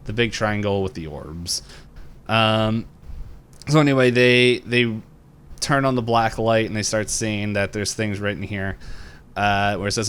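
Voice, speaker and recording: A man co-hosting a podcast, casually retelling a cartoon episode with lots of fillers and quick quoted lines. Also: fairly low pitch, fairly bright tone, clear, resonant tone. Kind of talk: casual chat.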